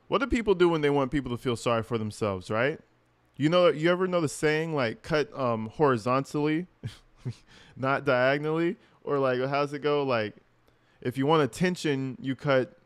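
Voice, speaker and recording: Man, casual reaction commentary, blunt, profane, smooth clear voice, dry sound. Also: mid-range voice, no room sound. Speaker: commentary channel host.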